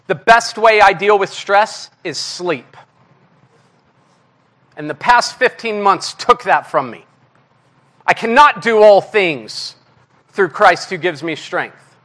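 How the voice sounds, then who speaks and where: A man delivers a casual, confessional sermon to a congregation. His voice sits high and sounds bright and forward. He mocks himself openly and keeps the delivery lively. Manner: candid, self-deprecating, animated. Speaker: guest preacher. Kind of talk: conversational sermon.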